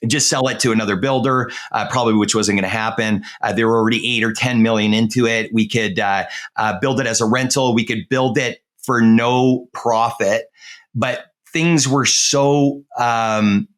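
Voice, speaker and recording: The speaker is a middle-aged real estate agent whose medium-pitched, fairly bright voice stays fairly even at a moderate pace. He tells a rambling story in a casual interview, full of "uh," "um," and false starts.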